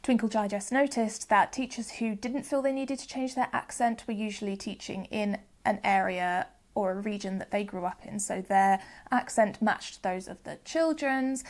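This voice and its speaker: A young woman from the UK hosting a phonics lesson, explaining patiently and sounding out examples slowly and clearly. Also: medium pitch. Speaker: phonics teacher and channel host. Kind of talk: educational video lesson.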